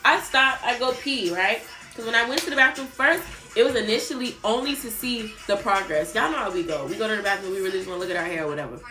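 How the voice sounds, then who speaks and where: A young woman telling a storytime on her vlog in a chatty, animated way, swearing and talking straight to her viewers. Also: medium pitch, fast. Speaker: vlogger. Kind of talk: casual storytime chat. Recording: roomy echo, faint background music.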